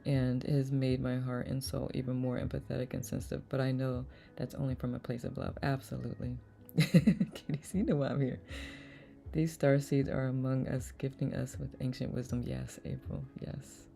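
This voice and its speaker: Low, gravelly woman hosting a live chat. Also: steady tone, normal speed, mellow. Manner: reads viewers' chat messages aloud, laughs often. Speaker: host. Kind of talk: live online chat reading comments.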